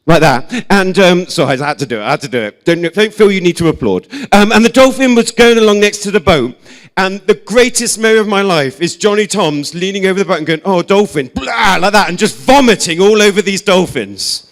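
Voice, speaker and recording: A young English man gives a casual sermon full of funny stories. His voice sits a bit high for a man. He talks in a loose, self-deprecating way, with lots of fillers. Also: brisk. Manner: chatty, self-deprecating, animated storyteller with many "like"s and "um"s. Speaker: preacher.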